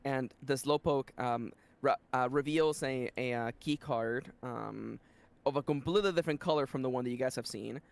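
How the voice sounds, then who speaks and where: A man's voice: mid-range voice, moderate pace, vocal fry. Man narrating as a playful game master. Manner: animated, playful scene-setting.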